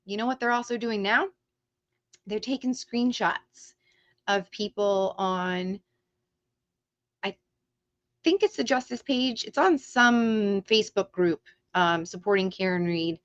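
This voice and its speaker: Over dull lo-fi stream audio, a woman with a mid-range, slightly bright voice rants heatedly and swears freely as host of her livestream. Her pace is slow, broken by long pauses.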